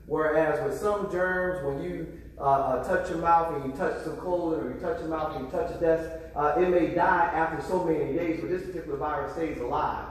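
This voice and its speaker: A man's voice: on the high side, normal speed, few pauses. A man preaching a sermon to his congregation, often repeating words as he restarts, and calling out for responses. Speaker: pastor. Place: church sanctuary. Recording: echoey hall, far from the mic.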